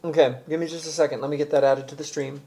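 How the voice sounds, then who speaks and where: A man's voice: on the high side, level tone, very fast, dark tone. A man hosts a casual cooking livestream. He chats loosely, often between bites, while he sorts out the stream. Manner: chatty, talks while eating and handling gear. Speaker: livestream host.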